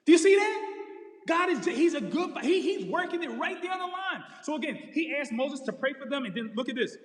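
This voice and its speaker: A man preaching a lively, casual sermon in slangy everyday talk, acting out the people in the story, in front of camera and lights. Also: very high-pitched, moderate pace. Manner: energetic, slangy, acts out characters. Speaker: pastor. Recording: echoey hall with long reverb.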